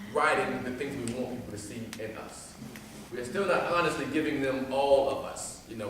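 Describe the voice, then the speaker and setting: A man's voice: medium pitch, a bit bright. A man performing spoken word poetry on stage at a live venue, chatty and laughing as he teases the audience. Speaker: performance poet. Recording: echoey room, distant mic, noisy.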